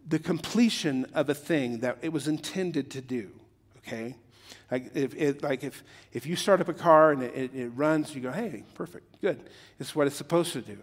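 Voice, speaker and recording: A man's voice: fairly high pitch, in a large hall. A middle-aged man preaching a sermon in a joking, conversational way that builds to emphatic peaks. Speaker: pastor.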